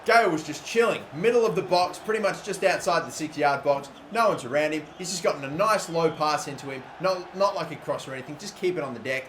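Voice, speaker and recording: A young man giving casual commentary over a football video game, excitable and swearing when annoyed. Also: a little high, fast, hardly any pauses. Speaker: gaming YouTuber. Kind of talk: gameplay commentary. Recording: echoey room with faint ambient noise.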